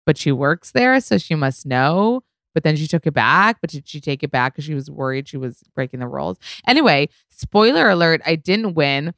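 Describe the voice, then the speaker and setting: A woman hosting a podcast tells stories solo in a low, smooth, fairly bright voice, very animated and at normal speed. The recording is close and dry, with no room sound or echo. Her casual, rambling chat leans on "like" and "you know," with the occasional swear word.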